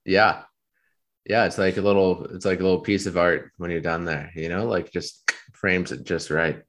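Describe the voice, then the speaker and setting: Low-voiced male podcast co-host, deadpan rambler. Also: moderate pace. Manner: rambling, deadpan storytelling with many fillers. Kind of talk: casual chat.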